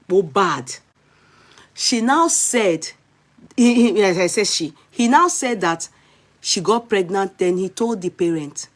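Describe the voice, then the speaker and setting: A Nigerian woman commenting on a video clip in casual, animated vlog talk, mixing English and Yoruba. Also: lowish voice.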